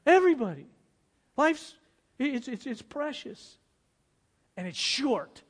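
Man preaching, very high voice, slow and deliberate, earnest, loud then hushed, long hall reverb. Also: big pitch swings. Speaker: pastor. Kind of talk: sermon.

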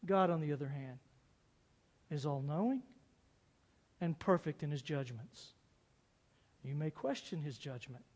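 A man preaching a sermon as pastor, earnest, swinging from loud pleas to hushed, quiet passages. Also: fairly high pitch, expressive, unhurried, pauses often. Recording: long hall reverb.

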